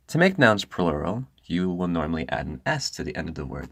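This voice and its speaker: A woman's voice: very deep voice, very animated, brisk, no echo, clean studio sound. A woman reading a scripted voice-over narration, often stopping to correct herself and restart lines.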